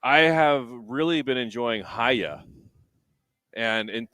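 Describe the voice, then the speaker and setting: A man's voice: medium pitch, animated, takes it slowly, pushed and bright, no room sound. A man from the United States co-commentating a live race broadcast in casual, playful banter. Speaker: livestream co-commentator.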